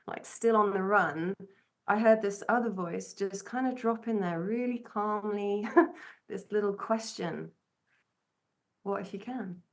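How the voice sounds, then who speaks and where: A woman co-hosting a podcast, telling a personal story in an earnest, searching way that often stops and restarts. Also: medium pitch. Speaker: podcast co-host. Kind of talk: reflective conversational storytelling.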